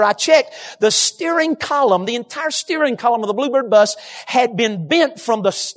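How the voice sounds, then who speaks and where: Male preacher at a church platform, emphatic sermon delivery, storytelling. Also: very high-pitched. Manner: storytelling, emphatic, addresses congregation.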